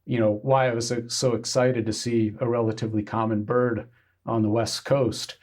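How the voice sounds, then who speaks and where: A man from Kansas, a guest on a podcast, telling stories in a halting way with many pauses and fillers. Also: medium pitch, level tone, a little mellow. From Kansas, United States. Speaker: guest hiker. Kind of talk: casual interview.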